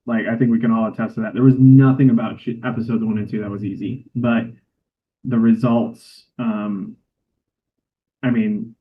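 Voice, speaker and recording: A man's voice: on the low side, steady tone, moderate pace. A man, a cinematographer guest, telling a heartfelt story in a casual interview. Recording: tinny phone-like line.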